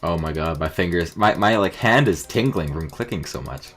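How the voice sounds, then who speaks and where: A man's voice: sits low, lively intonation, normal speed, a bit bright, faint music behind. A man casually commenting while he plays a story game, rambling with lots of fillers. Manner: chatty, rambling, filler-heavy. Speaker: streamer playing a visual novel.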